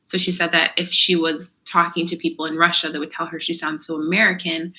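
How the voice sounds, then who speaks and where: Bright, low-pitched woman podcast co-host. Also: flat delivery, brisk, poor audio. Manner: rambling, lots of "like" and "um". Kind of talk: casual chat.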